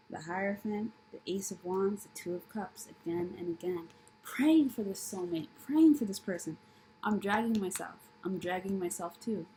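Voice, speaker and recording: Woman tarot reader with a mellow, warm tone and faint background noise, talking casually and bluntly, swearing freely and repeating herself for emphasis. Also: medium pitch, poor audio. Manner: blunt, profane tough-love preaching; repetitive, emphatic, rhetorical questions. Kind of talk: casual tarot reading monologue.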